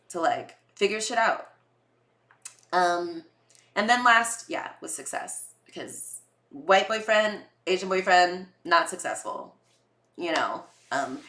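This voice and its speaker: A woman's voice: deep voice, fairly bright tone, echoey room. A young woman hosting a podcast, telling candid personal stories in a chatty way, full of fillers and acted-out quotes. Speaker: podcast host. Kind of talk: casual personal storytelling.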